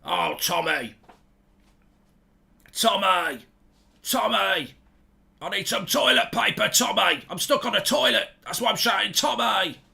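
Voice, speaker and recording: A man putting on a Birmingham accent to play someone stuck on a toilet, yelling for help. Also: high voice, lively intonation, measured pace, gravelly, long pauses, pitched above the performer's own voice, full character voice. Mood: desperate. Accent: Birmingham, attempted. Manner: loud, pleading yells. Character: desperate Brummie shouting from a toilet.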